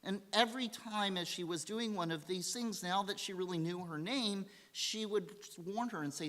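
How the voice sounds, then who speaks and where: A man giving a holiday sermon as rabbi, telling a story and acting out the quotes in a lively way. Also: sits high, moderate pace, few pauses. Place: synagogue sanctuary. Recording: long hall reverb.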